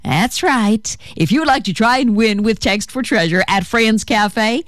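A woman's voice: fairly high pitch, moderate pace, no echo, studio quality. A woman hosting a radio show in a chatty, playful way, talking straight to her listeners. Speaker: radio host. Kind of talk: upbeat radio patter.

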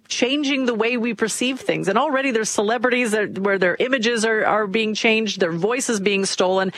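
A woman co-hosting a talk radio debate, speaking in a measured, conversational way. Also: medium pitch, fairly bright tone. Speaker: radio co-host.

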